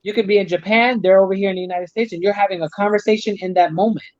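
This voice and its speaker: A man with a somewhat high voice talks casually as a guest on a talk show. He explains ideas at length, circling back and restarting his sentences. The audio is dry and a little dull. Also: fairly even intonation, very fast, no echo. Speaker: guest, Chinese medicine practitioner.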